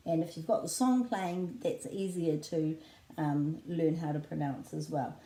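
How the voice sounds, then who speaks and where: Woman, New Zealand accent, patient teacher, slightly low voice, echoey room. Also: dark tone. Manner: clear, patient, spells out words slowly. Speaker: children's book author and teacher. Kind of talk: friendly teaching talk.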